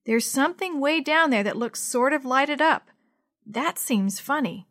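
Storybook: eager boy, curious and nervous, high and bright woman reading. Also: unhurried, exaggerated voice. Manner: eager, shouting when excited.

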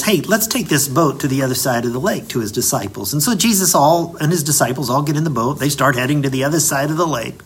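A middle-aged man, a pastor, giving a radio devotional sermon, telling the story with dramatic slowdowns for emphasis. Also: medium pitch, fairly bright tone, slightly rough.

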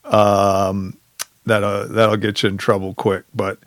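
A man's voice: fairly low pitch, little pitch movement, takes it slowly, no echo. A man hosting a podcast over a video call, chatting in a joking, self-deprecating way with many restarts, then reading a story aloud. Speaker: podcast host.

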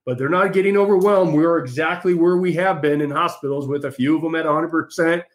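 A man's voice: fairly high pitch, brisk. Combative man delivering a mocking monologue. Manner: combative and mocking, addresses listeners as folks. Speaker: political commentary host. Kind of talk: opinionated monologue.

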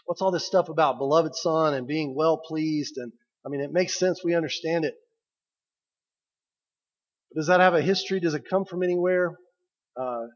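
Male pastor, conversational and emphatic sermon, slightly high voice. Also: muffled recording. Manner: conversational, emphatic preaching with slow pauses.

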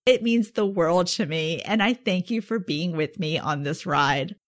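A woman's voice: fairly low pitch, a little slow. A woman hosting her own podcast, upbeat and effusive, talking straight to the listener. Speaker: podcast host. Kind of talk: solo podcast talk.

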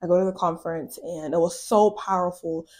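A woman's voice: lowish voice, fairly even intonation, a little fast, darkish tone. Woman podcast host, earnest and casual, sharing a personal testimony with a loose, chatty delivery. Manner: casual, earnest, many fillers like "like".

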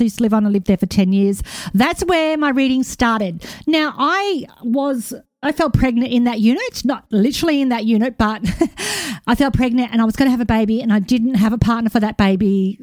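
A woman's voice: fairly high pitch, darkish tone, dry recording, studio quality. Chatty Australian woman, rambling and hyper. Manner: rambling, emotional, self-correcting. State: a bit hyper after a walk. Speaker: podcast host. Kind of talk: casual monologue.

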